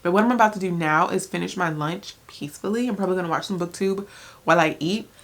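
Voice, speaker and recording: Young woman, rambling casual vlogger, slightly low voice. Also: quick pace. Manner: chatty, rambling, many "like"s and restarts; talking while eating. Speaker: book vlogger. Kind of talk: casual vlog chat.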